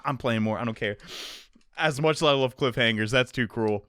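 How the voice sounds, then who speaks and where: A man's voice: medium pitch, sharp tone, slight background noise. A man casually joking and commenting while playing and reading a story game aloud. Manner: casual, joking, quick asides. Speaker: let's play host.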